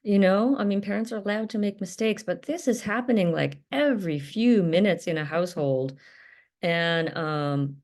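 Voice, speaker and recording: A woman's voice: mid-range voice, normal speed, darkish tone. A woman talking earnestly to camera in a self-help video, stressing points by repeating words, with many fillers.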